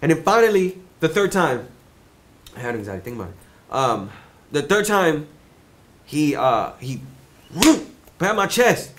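Young male storyteller, slightly higher pitch, lively and profane, casual delivery. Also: unhurried, long pauses. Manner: animated, swears freely, repeats "you know what I'm saying".

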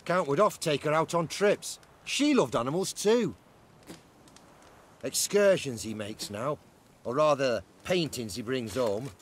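A man's voice: mid-range voice, lively intonation, a little slow, slight background noise, lightly acted. An actor playing a plain-spoken male servant with rustic grammar. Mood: somber.

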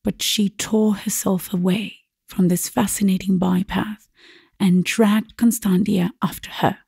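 A woman narrating a classic short story as an audiobook in a measured, even way. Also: mid-range voice, creaky, slightly rough, no room sound, clean studio sound.

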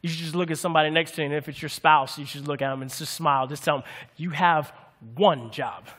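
High-voiced pastor preaching with humor. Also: male voice, rapid-fire, in a large hall. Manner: lively, humorous, calls out to the congregation for answers. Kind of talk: sermon.

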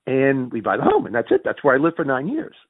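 This middle-aged American interview guest animatedly tells long personal anecdotes, correcting himself rapidly, restarting and quoting dialogue. His husky, medium-pitched voice swoops wildly in pitch, coming through dry and echo-free on a phone-like line.

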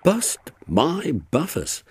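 Man doing a kindly diesel engine, Rusty, unhurried. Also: medium pitch, wildly swooping pitch, noisy background, pitched above the performer's own voice. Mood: concerned.

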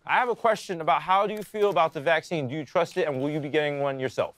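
A teasing male reporter asking provocative questions, played by a man in a comedy sketch. He talks quickly in a fairly high voice and needles the other person with a sly, mocking edge. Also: a bit bright, close to an everyday voice. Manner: teasing, fast-talking questioner. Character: cheeky male reporter at a press conference. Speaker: comedy show host.

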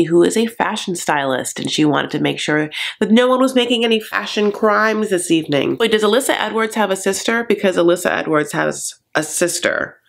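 A man's voice: high voice, gravelly, a bit bright. A man hosting a comedic TV recap, campy and gossipy with sassy asides.

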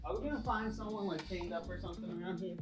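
A man's voice: sits high, racing, faint music behind. A man joining a friend's house tour, teasing him with wisecracks in casual banter.

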